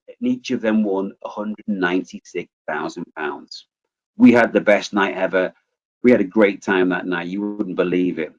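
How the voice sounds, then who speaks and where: Guy in his 40s doing a motivational webinar, chatty storyteller, kinda muffled audio. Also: lowish voice. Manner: chatty, lively, acts out quoted voices. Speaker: webinar presenter. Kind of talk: motivational talk with personal storytelling.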